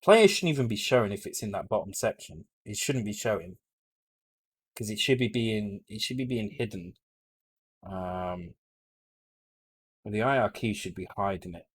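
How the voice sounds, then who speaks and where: Low-voiced British man streaming live code. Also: lively intonation, normal speed, pauses often, husky. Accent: British English. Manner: blunt, swears freely, trails off and restarts mid-thought. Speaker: streamer coding a retro game. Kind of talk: live coding stream, thinking aloud. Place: home.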